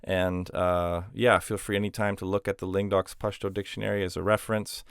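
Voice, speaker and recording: A man's voice: low voice, flat delivery, a little fast, clean tone, no room sound, studio quality. A man teaching a grammar lesson, explaining patiently step by step with spoken examples. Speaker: language teacher.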